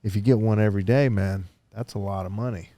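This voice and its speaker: Low-voiced joking podcast co-host man. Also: steady tone, warm tone, no room sound. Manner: joking, drawn-out riffing. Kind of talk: casual chat. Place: gym mats in a martial arts academy.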